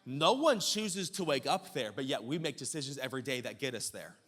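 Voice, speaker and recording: A man pastor preaching a sermon, firing off rhetorical questions and building up to shouts at the peaks. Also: mid-range voice, expressive, a little fast. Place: church sanctuary. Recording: long church-hall reverb.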